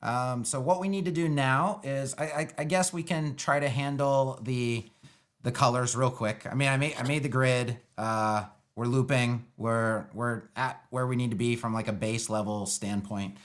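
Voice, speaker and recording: A man thinking out loud through a live web-building demo, loose and sarcastic, with lots of fillers. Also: medium pitch, steady tone, moderate pace. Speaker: web design educator building a page live. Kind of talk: casual live screen-share tutorial.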